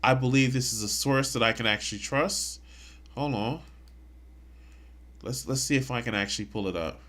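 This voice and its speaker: A man's voice: medium pitch, moderate pace, fairly bright tone. A man streaming live, commenting on clips in a mocking, crude way. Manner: mocking, crude, bursts into laughter.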